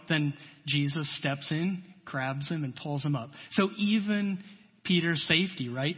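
Guy preaching, chatty and folksy, kinda husky voice, boomy church reverb. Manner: conversational, folksy, many asides. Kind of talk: sermon. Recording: dull long-reverb church hall.

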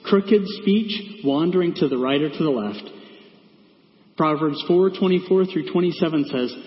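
A preacher delivers a conversational sermon in a church sanctuary, his voice on the high side and his pace moderate. He fills it with lots of fillers and asides. The echoey hall leaves the recording sounding dull.

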